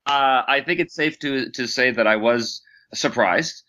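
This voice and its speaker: A middle-aged man, a voice actor, telling stories in a casual interview, self-deprecating and quick to laugh. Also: medium pitch, sharp tone. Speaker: voice actor guest.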